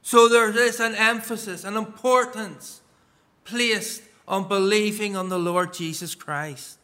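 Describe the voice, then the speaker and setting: A male preacher giving a sermon in a measured, emphatic way, reading scripture aloud and stressing key words. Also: high voice, fairly even intonation, bright, forceful tone. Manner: reads scripture passages aloud.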